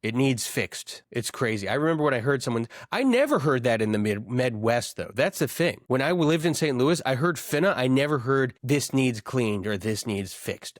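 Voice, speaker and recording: A man's voice: mid-range voice, no echo, studio quality. A man co-hosting a podcast, rambling and riffing on words in casual chat. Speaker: podcast co-host.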